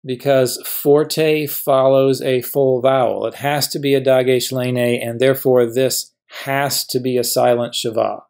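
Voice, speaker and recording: A male professor explains a grammar lesson at a steady, even pitch. He works through each example patiently and poses questions he then answers himself. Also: unhurried, creaky, hardly any pauses. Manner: patient, asks and answers his own questions.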